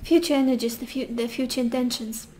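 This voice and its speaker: A woman's voice: fairly high pitch, fairly even intonation, brisk, darkish tone, a little hiss or hum. A young woman giving a casual tarot reading, musing intuitively with sassy asides. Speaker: tarot reader.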